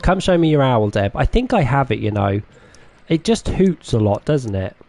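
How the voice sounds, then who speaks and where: Norfolk guy chatting on his game stream, gravelly voice, kinda mellow, soft music behind. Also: medium pitch, big pitch swings, moderate pace. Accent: Norfolk English. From England. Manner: chatty, self-deprecating, laughs often. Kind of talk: casual live-stream chat with viewers.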